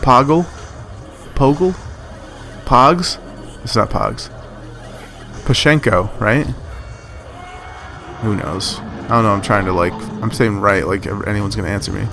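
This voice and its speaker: A man's voice: on the low side, a little slow, long pauses, pushed and bright, faint music behind. A man giving casual, rambling commentary over his own gameplay footage, full of fillers and self-corrections. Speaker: gaming commentator.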